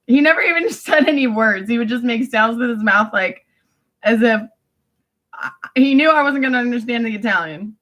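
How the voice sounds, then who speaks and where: A woman talking to friends in a rambling, animated monologue, laughing often and swearing casually. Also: fairly high pitch, moderate pace, dull audio. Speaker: vlogger addressing family friends.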